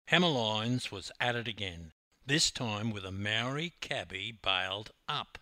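An older Australian man, a swimming coach, narrates a story with wry humor. His mid-range voice sounds pushed and bright, and the recording has no room sound.

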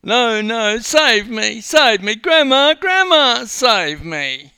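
An older man voicing a frightened, headstrong four-year-old boy who wails and pleads in a shrill voice. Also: wildly swooping pitch, slow, bright, forceful tone, dry recording, clean studio sound, full character voice. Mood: wailing.

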